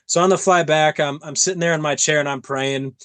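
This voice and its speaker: Man, podcast host, higher-pitched voice, animated storytelling, dry close sound. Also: a little fast, clean tone, no room sound. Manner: animated storyteller, acts out his own quotes. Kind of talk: casual interview chat.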